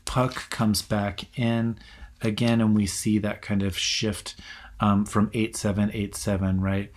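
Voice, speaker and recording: Halting man lecturing on verse. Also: lowish voice, level tone. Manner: halting, many ums and restarts, reads verse aloud. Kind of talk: recorded literature lecture.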